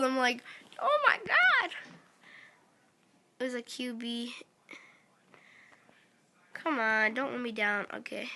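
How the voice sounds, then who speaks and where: Bright, high-voiced excitable female gamer. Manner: excitable, keeps calling out to viewers. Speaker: gaming video host. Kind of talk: casual game commentary.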